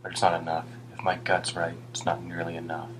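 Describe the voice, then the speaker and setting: A man's voice: low-pitched, monotone, a little fast, background noise, natural voice. A man voicing a weary, older homeless British man who rambles ruefully and reproaches himself. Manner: rambling, rueful, muttering at times.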